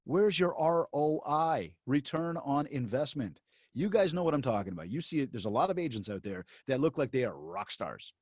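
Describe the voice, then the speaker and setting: A lively male speaker whose pitch swoops up and down as he tells a story. He talks to a room of agents in a loose, chatty way, full of "right?" and restarts. The sound is dry and close, with no room echo. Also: normal speed, breathy edge. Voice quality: animated storyteller who acts out both sides of conversations. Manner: conversational, with many fillers and restarts; addresses the audience directly. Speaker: motivational speaker to real estate agents. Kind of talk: storytelling seminar talk.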